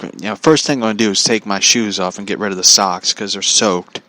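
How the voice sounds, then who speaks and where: A man's voice: on the low side, a little fast, hardly any pauses, pushed and bright, no room sound. A man telling a comedic story in a profane, exasperated way, laughing often. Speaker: vlogger.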